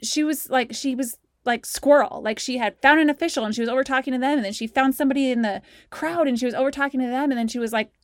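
A woman telling a personal story in an animated, conversational way, voicing her own past thoughts as she goes. Her voice sits a bit on the high side and the sound is dry and close, with no room echo. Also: fast, hardly any pauses. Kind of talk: storytelling talk.

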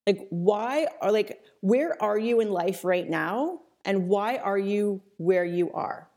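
A woman's voice: mid-range voice, expressive, slow pace, darkish tone. A woman business coach giving a webinar training in a casual, chatty way, full of fillers and the odd mild swear word.

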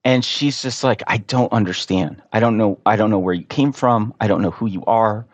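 A man telling an earnest, animated story as a podcast guest in casual conversation. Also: fairly low pitch, normal speed, dry recording.

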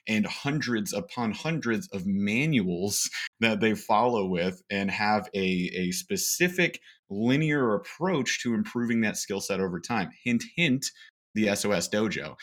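A man with a fairly low voice co-hosts a sales training podcast. He chats casually and energetically, rolling through points with fillers and asides. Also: a bit bright. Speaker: podcast co-host, sales coach.

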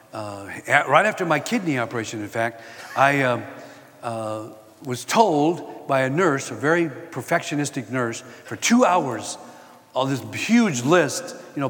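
An older man giving a sermon-style talk, telling personal stories and quoting scripture in an animated way. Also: medium pitch, in a large hall. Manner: animated storytelling, quoting scripture and acting out exchanges. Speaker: Christian speaker.

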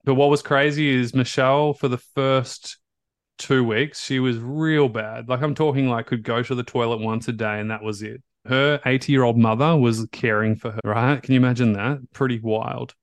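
A man hosts a podcast and tells a long story in a loose, animated way, often repeating himself as he acts out the back-and-forth. His voice sits at an ordinary middle pitch. The recording is close and dry, with no room sound. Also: normal speed, no room sound. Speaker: podcast host and recovery coach. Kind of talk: casual storytelling chat.

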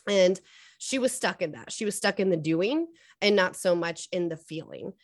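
Young adult woman, earnest coach guest; lower voice, dry recording. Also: normal speed, no echo. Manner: earnest, storytelling, many likes and fillers. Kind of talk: casual podcast interview.

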